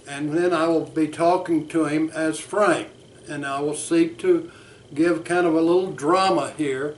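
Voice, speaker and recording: Slow, measured male therapist. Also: fairly high pitch, slight background noise. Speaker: psychotherapist. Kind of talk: teaching lesson with role-play.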